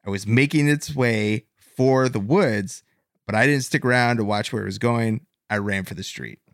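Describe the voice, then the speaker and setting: A man's voice: mid-range voice, normal speed, dry recording, lightly acted. A man voicing a startled adult male swamp witness with a fumbling attempt at a Boston accent, read in a dry room. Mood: spooked recounting.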